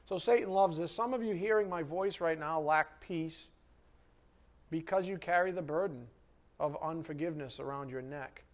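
Animated preacher, a man with a higher voice. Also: moderate pace. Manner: animated, asks the congregation questions, rises sharply when worked up. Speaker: pastor. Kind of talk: sermon. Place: church hall with congregation.

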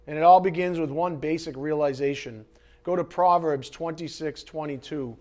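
High-voiced male preacher, dramatic delivery. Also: normal speed. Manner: dramatic, swinging from loud emphasis to hushed asides. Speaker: pastor. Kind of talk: sermon.

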